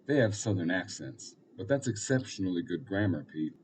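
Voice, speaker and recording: A man voicing a loving older woman who tucks a young foster boy into bed, speaking gently and soothingly. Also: deep voice, sing-song, moderate pace, a little hiss or hum. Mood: gentle.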